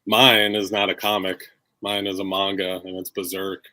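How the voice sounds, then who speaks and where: A man's voice: low voice, monotone, moderate pace, bright, forceful tone, no room sound, rough recording. A man co-hosting a casual comics chat, laid-back and thoughtful, with some hesitations.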